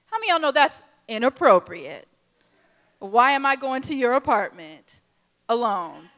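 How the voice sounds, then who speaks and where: A young woman speaking at a girls' conference, telling a lively personal story and acting out the people in it. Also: on the high side. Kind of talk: testimony talk to a youth audience. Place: large conference hall. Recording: reverberant hall.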